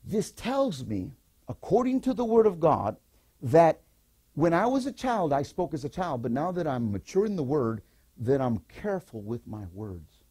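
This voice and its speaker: An older male pastor delivers a sermon with a husky, mellow voice that rises high and swoops widely. He preaches in an animated way, repeating lines and asking the congregation to say them back. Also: normal speed. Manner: animated preaching with repetitions and call-and-response.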